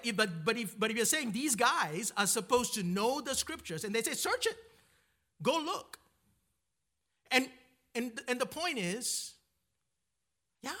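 A man with a high, bright voice teaches from a Bible passage in an informal sermon. He repeatedly asks "right?" and circles back, restarting often and repeating words.

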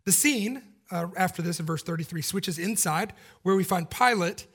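A man's voice: high-pitched, moderate pace, fairly bright tone, slightly rough. A man preaching a sermon in a casual, joking, conversational way.

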